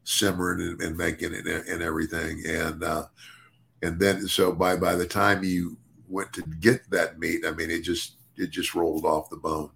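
An older man chats casually on a podcast in a low, gravelly voice. He keeps restarting and repeating words as he talks. The tone stays easygoing and conversational. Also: little pitch movement, normal speed, a bit bright, slight background noise. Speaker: podcast co-host and former wrestler.

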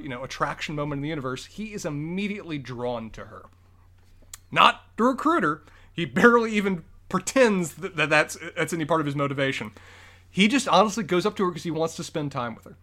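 A man's voice: fairly high pitch, expressive, bright, forceful tone. A man co-hosting a podcast, walking through a movie plot in casual, detailed review chat. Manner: detailed, explanatory, quick bursts. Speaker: podcast co-host.

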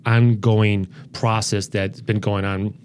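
A man's voice: lowish voice, flat delivery, slow pace, darkish tone, slight background noise. A man hosting a podcast, talking in an earnest, rambling way with plenty of restarts. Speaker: podcast host. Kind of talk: casual interview chat.

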